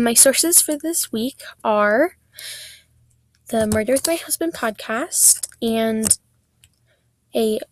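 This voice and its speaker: A woman's voice: fairly high pitch, slight background noise, low-quality recording. A fourteen-year-old girl hosting her own true-crime podcast, telling a case in a casual, chatty way with many fillers and restarts. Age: teens. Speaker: podcast host.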